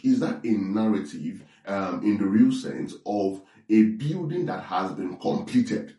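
A man's voice: low-pitched, lively intonation, a little slow, few pauses, warm tone. A man preaching an online sermon, restarting and repeating words and often checking in with listeners. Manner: repetitive, keeps asking "right?". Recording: echoey room, distant mic.

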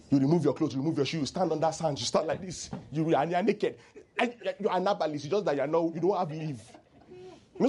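Preaching with playful energy, this male pastor teases his flock and draws them into call-and-response. His pitch sits on the high side.

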